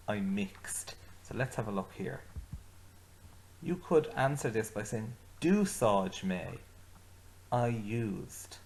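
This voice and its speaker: A man teaching an Irish language lesson, slowing down to model each phrase for his learners to repeat. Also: lowish voice, gravelly. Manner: slows right down to model phrases for repetition. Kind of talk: slow, deliberate lesson with repeat-after-me drills.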